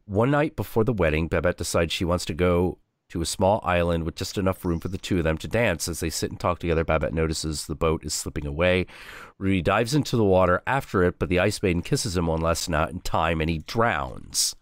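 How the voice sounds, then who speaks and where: Brief: male stream host, low, expressive voice, dry recording. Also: a little fast, no echo. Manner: animated, profane, with frequent restarts. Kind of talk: casual storytelling chat on a stream.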